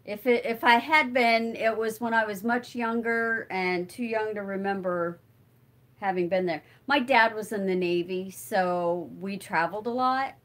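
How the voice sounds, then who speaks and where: A woman's voice: mid-range voice, measured pace, a bit bright. A middle-aged woman hosting a casual livestream, chatting with viewers and answering comments while she crafts, rambling and thinking aloud with lots of fillers. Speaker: livestream host.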